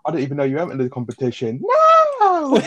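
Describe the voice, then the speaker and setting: A man's voice: mid-range voice, very noisy. A man co-hosting a casual chat about a sitcom episode, rambling with fillers and the odd swear. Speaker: podcast co-host. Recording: dull lo-fi sound.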